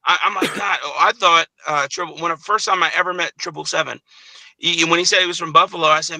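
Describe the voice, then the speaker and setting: A man's voice: on the high side, fairly even intonation, quick pace, creaky, pushed and bright, no echo, low-quality recording. A man from Chicago hosting a casual live panel chat, reminiscing and repeating "man" often. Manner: nostalgic, repeats "man" and "great times". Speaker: panel host.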